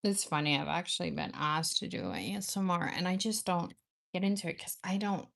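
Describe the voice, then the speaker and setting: A woman's voice: fairly low pitch, brisk, gravelly, fairly bright tone. A woman chatting casually with viewers on a livestream, rambling and laughing often. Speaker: nail art livestream host.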